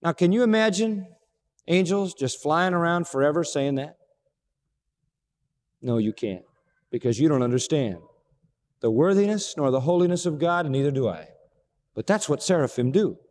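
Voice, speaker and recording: A man preaching a sermon, expressive, asking rhetorical questions and acting out dialogue. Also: fairly high pitch, moderate pace, pauses often. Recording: long reverb of a large hall.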